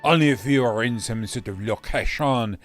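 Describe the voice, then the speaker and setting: A young man playing a game with friends, reading story dialogue haltingly with fillers and slips. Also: mid-range voice, faint music behind. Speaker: co-player. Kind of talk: casual gaming banter and dialogue reading.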